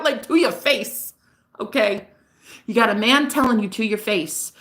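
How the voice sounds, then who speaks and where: A woman chatting in a casual, gossipy vlog monologue, animated and profane, often laughing as she talks. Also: medium pitch, unhurried. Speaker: spiritual reader and vlogger.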